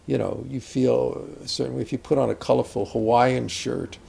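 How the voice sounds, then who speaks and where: An older man explains acting craft in an easy, meandering interview manner, full of asides and restarts. His voice is deeply gravelly and husky, with a dark, mellow tone. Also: fairly even intonation, normal speed. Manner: reflective, rambling with asides and restarts. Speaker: acting teacher. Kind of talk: conversational interview about acting.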